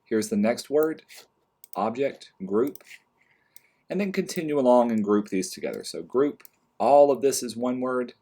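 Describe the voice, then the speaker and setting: A man calmly walking through a screen-recorded design software tutorial step by step, with mouse and keyboard clicks behind him. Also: medium pitch, unhurried. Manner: calm step-by-step explaining, trailing off quietly. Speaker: design instructor.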